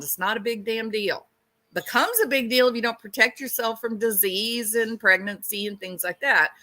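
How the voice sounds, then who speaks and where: A woman hosts a true-crime channel, speculating in a blunt, conversational way. She keeps asking rhetorical questions, and her voice is bright and sharp. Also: medium pitch. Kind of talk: casual speculative commentary.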